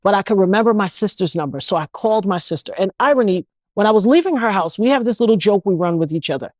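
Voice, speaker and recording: A middle-aged woman from New York, an interview guest telling her own story in an animated, indignant way and slipping into other people's voices. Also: mid-range voice, fast, no echo. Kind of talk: emotional first-person storytelling.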